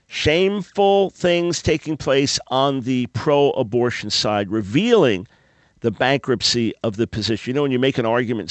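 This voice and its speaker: A man with a medium-pitched voice hosts a radio talk show from a studio, earnestly preaching and pleading with the audience as he trips over words and repeats himself. The studio microphone gives a dry recording.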